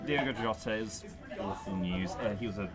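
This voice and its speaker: A man with a British accent, co-hosting a charity gaming stream in casual, laughing chat. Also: lowish voice. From United Kingdom. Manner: chatty, laughs often, quick self-corrections. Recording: music playing underneath.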